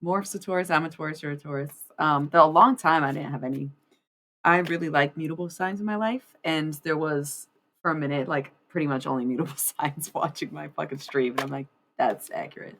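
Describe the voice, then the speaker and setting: A woman's voice: low-pitched, animated, normal speed, a bit bright. A young woman streamer chatting casually to her viewers while laying out a tarot spread, rambling, laughing often and swearing freely. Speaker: streamer doing tarot readings. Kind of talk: casual live-stream chat.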